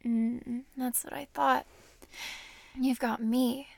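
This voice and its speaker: A young woman in an intimate audio role-play, teasing and breathy, close to the microphone. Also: high-pitched, little pitch movement, slow, a little mellow, dry recording.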